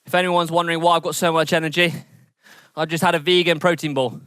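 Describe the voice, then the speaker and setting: A man coaching an indoor cycling workout, energetic and encouraging as he calls out intervals and counts down, sweating as he rides. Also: on the high side, fast, clean tone, no room sound, clean studio sound. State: sweating from exertion. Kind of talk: coaching a training session.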